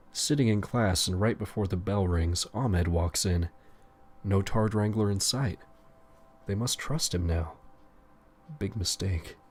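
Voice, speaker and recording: A man with a fairly low voice tells a story in a dry, deadpan narration. Faint music plays quietly behind him.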